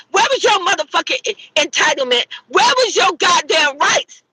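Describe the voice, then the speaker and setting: Middle-aged woman host, bright edgy voice, furious profane gossip rant with repeated rhetorical questions. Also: extremely high pitch, expressive, fairly quick, hardly any pauses, rough recording. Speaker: channel host. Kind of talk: angry gossip commentary rant.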